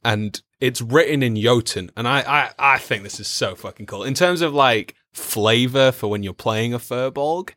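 A man's voice: medium pitch, normal speed, hardly any pauses, no echo, studio quality. A man acting as dungeon master, chatting casually on a podcast as he explains game lore, loose and swearing now and then. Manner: relaxed, swears casually, trails off with "like".

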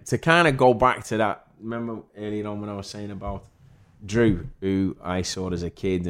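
An actor with a Liverpool accent is a guest in a casual interview, telling chatty stories and acting out other people's voices. He speaks with a fairly low pitch and vocal fry.

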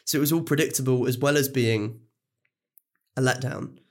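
A man's voice: medium pitch, normal speed. A man co-hosting a casual film podcast, laughing often and trailing off mid-thought. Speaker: podcast co-host.

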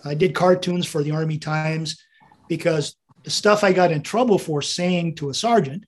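A fairly high-pitched American man in his seventies talks at normal speed during a storytelling interview. The veteran guest rambles through anecdotes, chuckling and quoting what was said.

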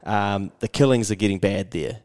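A man's voice: fairly low pitch, moderate pace, darkish tone. A man with a New Zealand accent hosting a podcast, telling travel stories in casual chat and acting out what people said. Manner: storytelling, acting out quotes, frequent mate and fillers. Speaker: podcast host.

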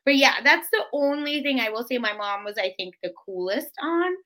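A woman co-hosting a casual podcast, telling animated stories and acting out quotes. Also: a little high, normal speed. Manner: animated storytelling with acted quotes. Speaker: podcast co-host. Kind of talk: casual chat.

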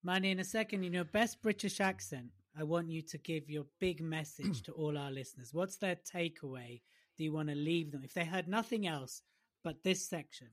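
A man's voice: a little high, normal speed. A man co-hosting a podcast, upbeat and enthusiastic as he steers the conversation. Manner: upbeat, enthusiastic, wrapping things up. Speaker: podcast co-host. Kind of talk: casual podcast chat.

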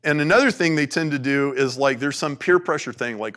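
A man giving an informal faith talk to an audience, animated and conversational, with plenty of "like"s. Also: a little high, fast. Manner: animated, conversational preaching with many "like"s.

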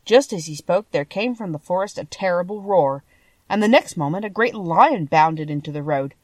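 Woman audiobook reader, expressive and measured, dry close mic. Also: fairly low pitch, dry recording. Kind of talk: storybook narration.

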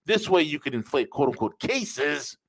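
A man's voice: on the high side, big pitch swings, moderate pace, fairly bright tone, poor audio. A man hosting a podcast, giving opinionated commentary with emphatic repetition and calling listeners folks. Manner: emphatic, repeats phrases, addresses listeners as folks. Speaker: podcast host.

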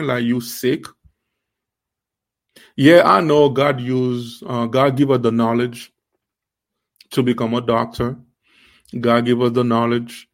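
A man with an accent hosting an online faith series, preaching in an emphatic way with repeated rhetorical questions and halting restarts. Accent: non-native accent. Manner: halting restarts, rising pitch when stressing. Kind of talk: livestream preaching.

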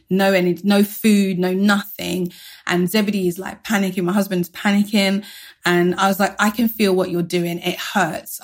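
A woman, a guest retelling a personal story in a brisk, animated way, acting out what people said. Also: mid-range voice. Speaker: interview guest.

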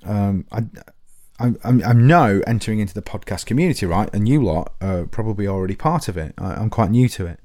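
A man's voice: on the low side, expressive, fairly quick, dark tone, no room sound, clean studio sound. A man hosting a podcast, talking to listeners in a rambling, self-deprecating comic monologue full of restarts. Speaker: podcast host.

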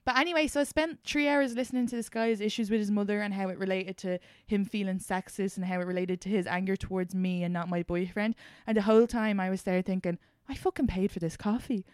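A young Irish woman hosting a casual chat, telling animated stories and swearing freely. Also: mid-range voice, clear, resonant tone, dry recording, studio quality. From Ireland. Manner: animated storyteller, swears freely, quick laughs. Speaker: podcast host and comedian.

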